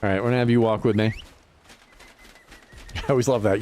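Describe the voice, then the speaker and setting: A man's voice: on the low side, a little fast, a little hiss or hum. A man in his fifties chatting casually as a livestreamer, swearing freely and laughing often. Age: 50s. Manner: animated, profane, laughs often. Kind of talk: casual chat.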